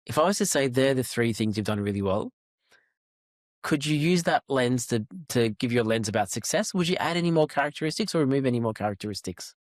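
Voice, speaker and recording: A man hosting a podcast, probing and challenging his guest, pressing for clear answers. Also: mid-range voice, lively intonation, brisk, dry recording, clean studio sound. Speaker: podcast host. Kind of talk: casual interview conversation.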